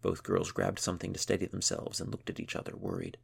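A man narrating a children's adventure story in a measured storytelling manner. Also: deep voice, sing-song, vocal fry, husky. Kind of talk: scripted narration.

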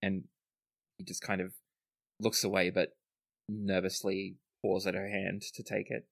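A man narrating a tabletop game and voicing his characters, with a halting, hesitant delivery. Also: sits low, flat delivery, gravelly, breathy edge. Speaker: game master.

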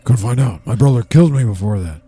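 A man playing a bumbling, self-important townsman under hypnosis, who talks in a rambling, excitable, panicky way. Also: mid-range voice, fast talker, husky, faint music behind.

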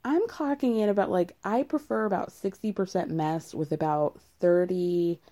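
A woman's voice: lowish voice, moderate pace, dark tone. A woman casually recapping a reality show, candid and rambling, with frequent laughs.

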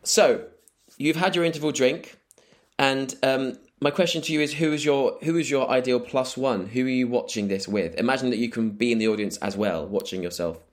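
A man's voice: mid-range voice, fairly quick. A man co-hosting a podcast, explaining segments with some hesitation. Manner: hesitant, uses fillers. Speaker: co-host. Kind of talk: casual podcast chat.

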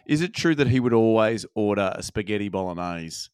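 A man's voice: on the low side, animated, darkish tone, clean tone, dry recording. Eager man asking questions, dry sound. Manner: eager questioning, quick follow-ups. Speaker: podcast producer asking questions. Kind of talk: casual podcast chat.

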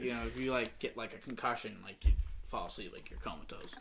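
Fast-talking bright young man. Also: mid-range voice. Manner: rambling, animated storyteller, many fillers. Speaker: podcast host. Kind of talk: casual chat, storytelling.

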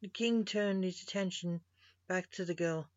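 A podcast storyteller reading a short story aloud in a plain, measured way, on a dull lo-fi recording. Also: medium pitch, no room sound. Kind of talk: scripted story narration.

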